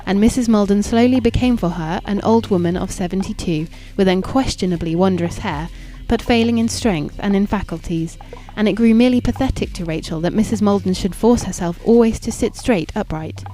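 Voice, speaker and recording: A woman narrating a classic novel in a measured, even and formal reading. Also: mid-range voice. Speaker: audiobook narrator.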